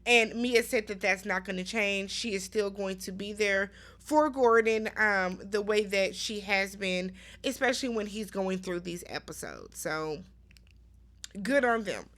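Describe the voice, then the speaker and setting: Woman, casual recap vlogger, chatty, talks straight to viewers, mid-pitched voice. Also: animated, unhurried, fairly bright tone. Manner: chatty, conversational, addresses viewers directly.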